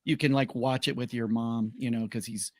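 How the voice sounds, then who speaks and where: A man with a mid-pitched voice chats casually and tells stories to his co-hosts. The sound is dry and close, with no room around it. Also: fairly even intonation, moderate pace, a little mellow, dry recording. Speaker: show co-host. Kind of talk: casual chat.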